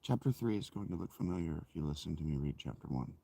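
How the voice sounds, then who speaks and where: This is a thirty-something male author reading from his own novel, though it comes across as loose, meandering chat full of self-corrections. He has a very deep, husky, gravelly voice with a warm tone, and he speaks quickly and with animation. The recording is dry.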